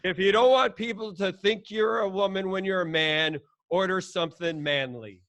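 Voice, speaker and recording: A man co-hosting a podcast, telling an animated anecdote in casual chat, acting out the quotes. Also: high voice, moderate pace, slight background noise. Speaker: podcast co-host.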